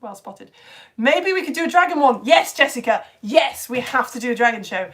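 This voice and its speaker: Excitable woman streaming live. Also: a little fast. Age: adult parent. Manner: excitable, chatty, with big swings in pitch and loudness. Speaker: live-stream educator reading chat comments.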